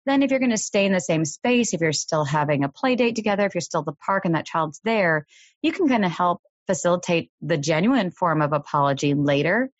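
A woman hosting a parenting podcast, explaining advice in a calm, measured way. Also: on the low side, no room sound, lo-fi sound. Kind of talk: advice talk.

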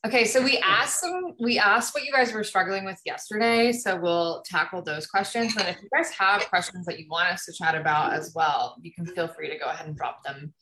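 A woman's voice: fairly low pitch, brisk, few pauses, pushed and bright, slight background noise, low-quality recording. A woman co-hosting a business coaching livestream over a video call, chatting in an upbeat, friendly way. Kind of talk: casual livestream chat.

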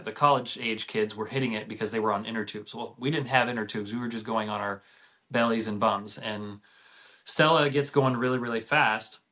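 A man's voice: fairly low pitch, bright, forceful tone. A middle-aged man, a podcast guest, telling a family story in a casual, rambling way with many restarts.

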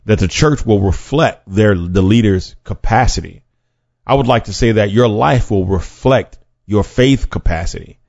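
A man with a low, gravelly voice preaches a podcast sermon in an earnest, conversational way and often restarts mid-sentence. The sound is dry and dull, with a lo-fi feel. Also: normal speed, darkish tone, dry recording.

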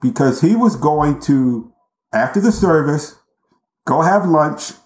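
A man recounting a personal story as a guest in an interview, speaking with intense, deliberate emphasis and dramatic pauses. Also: on the high side, animated, darkish tone. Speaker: podcast guest. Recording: roomy echo.

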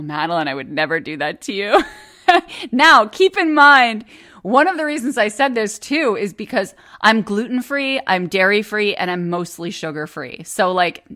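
A woman's voice: medium pitch, fairly bright tone. A woman in her forties hosting a podcast, telling a personal family story in a candid, casual way, swearing freely and laughing often. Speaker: podcast host.

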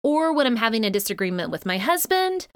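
Middle-aged woman, podcast host, earnest and encouraging, higher pitched, smooth and dry. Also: sing-song, fairly quick, no echo. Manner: earnest, encouraging, with frequent light laughs. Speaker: podcast host and leadership coach. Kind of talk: podcast monologue.

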